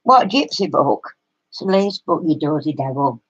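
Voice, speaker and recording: This older woman's deep, husky voice has a sing-song lilt and normal speed. A Yorkshire-accented craft vlogger, she chats casually to viewers and tells a laughter-filled story, though the recording is muffled and lo-fi.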